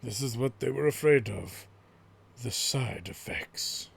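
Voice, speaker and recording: A man, the host of a let's play, narrating a game's story in a slow, measured storytelling read. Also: medium pitch, animated, vocal fry, husky. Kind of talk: slow dramatic narration of game text.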